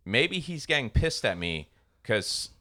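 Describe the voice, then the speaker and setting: A man's voice: medium pitch, measured pace. A man co-hosting a podcast, telling stories in casual chat and acting out the people in them. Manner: animated storyteller, acts out voices in anecdotes. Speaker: podcast co-host.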